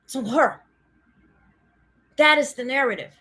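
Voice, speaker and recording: A woman hosts a political livestream in a casual, indignant rant. Her voice sits a little high and comes out bright and cutting. She keeps breaking off to answer live viewers. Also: unhurried. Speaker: host of a political news livestream.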